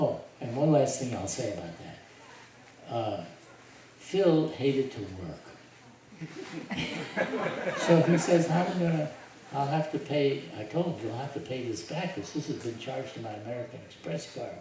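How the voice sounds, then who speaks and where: Here an older man with a medium-pitched voice shares his life story with a group, unhurried and lively, voicing quotes and laughing along the way. The distant recording comes from an echoey hall and carries noticeable noise.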